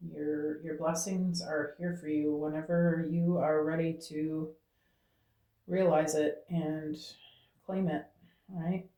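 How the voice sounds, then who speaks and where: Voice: medium pitch, flat delivery, slow, dark tone. A tarot reader giving a channeled reading to viewers, talking aloud to Spirit and tagging phrases with "okay?". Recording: roomy echo.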